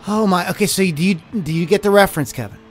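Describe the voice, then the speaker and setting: Male radio host, jokey and rambling, slightly high voice, music underneath. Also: quick pace. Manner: joking, rambling, plugs band dates. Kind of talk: casual radio chat.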